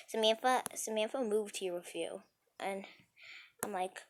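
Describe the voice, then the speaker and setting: A woman's voice: medium pitch, fairly even intonation, unhurried, a little hiss or hum. A woman telling a casual storytime tale, rambling and breathless as she goes.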